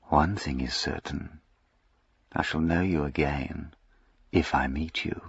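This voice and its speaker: A man voicing a menacing aristocratic duke who speaks softly and silkily in an audiobook reading. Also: sits low, animated, takes it slowly, no echo, dull audio, heavily acted. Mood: silky. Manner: soft, silky, caressing.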